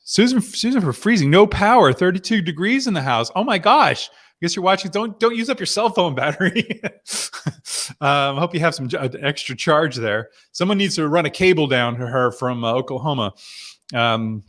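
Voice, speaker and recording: A man's voice: fairly high pitch, animated, moderate pace, a bit bright. A middle-aged man from New Jersey hosting a live online members' chat, rambling and chatty with lots of fillers and laughs. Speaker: host.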